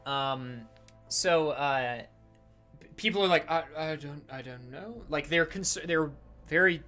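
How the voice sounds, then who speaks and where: A man's voice: medium pitch, bright, forceful tone. A man narrating a tabletop game as game master, talking casually with lots of fillers. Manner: casual, full of fillers and restarts.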